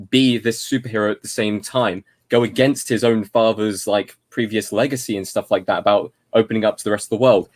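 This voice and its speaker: A man making an earnest, rambling case in a podcast debate, often restarting his sentences. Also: on the low side.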